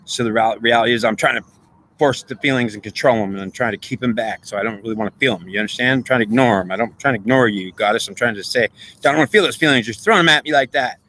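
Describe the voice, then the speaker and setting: In a rapid-fire, mid-range voice that sounds pushed and bright, a man talks directly to an invisible goddess, begging her in an agitated, repetitive, emotional ramble. There's slight background noise.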